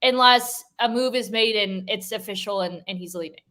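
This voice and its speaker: A woman's voice: medium pitch, normal speed, fairly bright tone. A woman co-hosting a sports talk show, wondering aloud and asking questions in a loose, chatty way. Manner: curious, thinks aloud with many "like"s.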